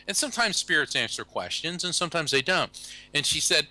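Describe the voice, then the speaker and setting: An American man, a guest on a talk show, telling anecdotes in a casual, animated way and acting out the people he quotes. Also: a little high, a little fast, no room sound, low-quality recording. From USA. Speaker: guest, psychic medium and lawyer. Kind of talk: casual storytelling interview.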